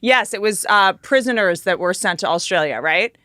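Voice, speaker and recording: A woman's voice: medium pitch, lively intonation, moderate pace, pushed and bright, dry recording, studio quality. A woman hosting a podcast, chatting casually and playfully and often breaking into laughter. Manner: playful, jokey, bursts into laughs. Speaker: podcast host. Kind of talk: casual chat.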